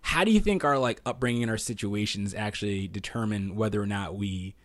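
A man co-hosting a casual podcast, excitable and quick to laugh as he thinks out loud. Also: lowish voice, dry recording. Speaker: podcast co-host.

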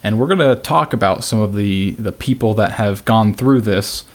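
A man co-hosting a podcast, talking in a relaxed, chatty way. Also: on the low side, moderate pace. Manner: relaxed, chatty, laughs along. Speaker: podcast co-host. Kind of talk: casual podcast discussion.

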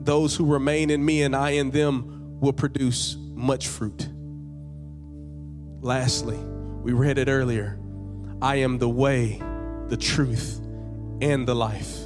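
A man preaching a sermon as pastor, repeating phrases and building to emphatic high peaks, sometimes dropping into casual slang. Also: steady tone, takes it slowly, over music. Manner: conversational, uses casual slang.

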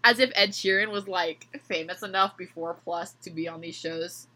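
A woman's voice: fairly low pitch, steady tone, moderate pace, bright, forceful tone. A young woman hosting a podcast, reading fan fiction aloud and breaking off to joke and laugh. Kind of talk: comedic reading with chat.

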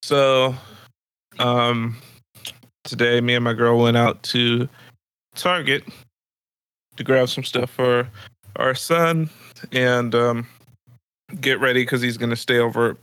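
Man, casual chat, dry close mic, crude and laughing, animated retelling. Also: mid-range voice, unhurried, pauses often, clean tone, no room sound. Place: apartment room.

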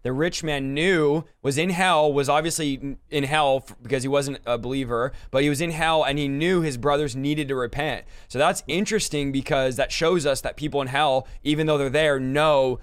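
A man's voice: mid-range voice, brisk, hardly any pauses, clean tone, dry recording. A man hosting a live-stream interview, speaking emphatically like a preacher and turning to address his viewers directly. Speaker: host.

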